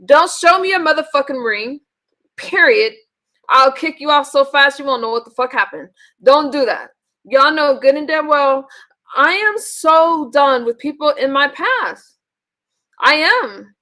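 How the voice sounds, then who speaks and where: A woman's voice: high voice, animated, measured pace, pushed and bright. A woman hosting a live online panel, bluntly and profanely scolding her viewers. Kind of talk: live-stream chat, ranting to viewers.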